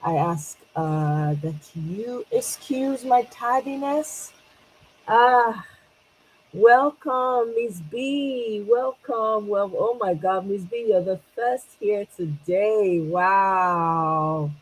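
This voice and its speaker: A woman's voice: mid-range voice, very slow, breathy edge, rough recording. A Nigerian woman hosting a casual livestream, greeting viewers by name and switching between English and Pidgin with frequent laughs. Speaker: livestream host.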